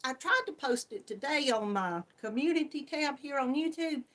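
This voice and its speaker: A woman's voice: high-pitched, lively intonation, moderate pace, a bit bright. A woman hosting a crafting channel, chatting casually on a live stream, laughing often and greeting viewers by name.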